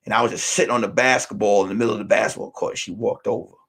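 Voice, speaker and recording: A man from Brooklyn telling a funny story in street slang, swinging between shouting and hushed near-whispers. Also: on the low side, fairly even intonation, racing, creaky. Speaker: host. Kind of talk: comedic storytelling.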